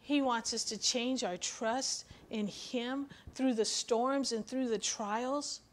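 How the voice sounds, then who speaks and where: A woman delivers a weekly devotional sermon, walking through scripture in an earnest, emphatic manner. Her voice sits a touch higher than most women's. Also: slow. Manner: earnest, emphatic Bible teaching. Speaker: devotional speaker.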